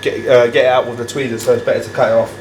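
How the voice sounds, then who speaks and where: Slangy host in an echoey kitchen. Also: male voice, medium pitch, flat delivery, very fast, darkish tone, distant mic, a little hiss or hum. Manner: laid-back London slang, says "bro" a lot. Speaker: host of a cooking challenge. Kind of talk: casual chat. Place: kitchen of a fish and chip shop.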